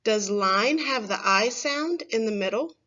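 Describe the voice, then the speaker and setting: Woman, primary teacher, fairly high voice, slow careful delivery, dull lo-fi recording. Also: animated, bright, forceful tone. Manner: slow, clear, stressing single words for children to repeat. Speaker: first grade teacher. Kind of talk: phonics lesson for young children.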